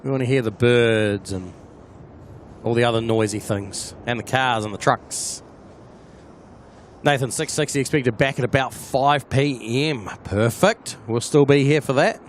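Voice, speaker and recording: A man's voice: medium pitch, measured pace, a little hiss or hum. A man with a New Zealand accent hosting a casual plane-spotting live stream, chatting and answering viewers by name.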